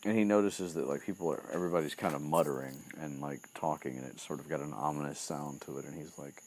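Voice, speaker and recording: A man's voice: a bass voice, fairly even intonation, quick pace, darkish tone. A man casually retelling a book chapter, full of fillers like "like" and "um", with casual swearing. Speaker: podcast host retelling a book. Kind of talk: casual chat.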